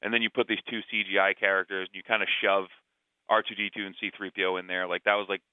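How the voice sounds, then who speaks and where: Fast-talking man on a phone line. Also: low-pitched, flat delivery, clear, resonant tone, dry recording. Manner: rambling, opinionated, full of fillers. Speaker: podcast co-host. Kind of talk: casual movie discussion.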